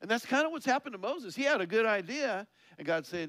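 Male preacher, conversational sermon, animated delivery with questions to the room; a bit high, dry recording. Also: a little fast, no echo. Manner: conversational, laughs often, asks the listeners questions; lively, rises in pitch and volume on key points.

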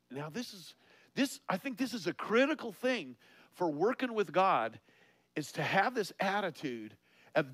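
Lively, chatty preacher man. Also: measured pace, no room sound. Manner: conversational, laughs often, asks the listeners questions; lively, rises in pitch and volume on key points. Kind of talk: sermon.

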